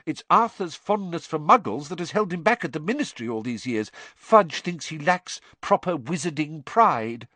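A man's voice: fairly high pitch, sing-song, normal speed, hardly any pauses, sharp tone, no echo, voice pushed up, exaggerated voice. A man doing a resolute witch mother. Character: middle-aged mother witch, resolute and protective.

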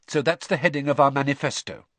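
A man voicing an earnest, bossy teenage girl campaigner who talks briskly and insistently. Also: medium pitch, a bit bright, dry recording, pitched above the performer's own voice, close to an everyday voice.

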